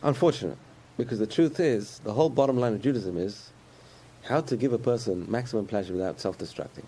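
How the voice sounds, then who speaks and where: Man, mellow gravelly voice, easygoing chatty preacher with a little background hiss. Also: mid-range voice, fairly quick. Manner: conversational, repetitive, chuckles often. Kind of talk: sermon.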